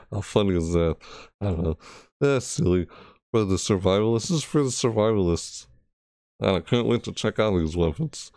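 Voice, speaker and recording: A man's voice: on the low side, darkish tone, no echo, clean studio sound. A man giving casual, rambling reaction commentary on a game, chatty and full of restarts. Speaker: gaming video creator.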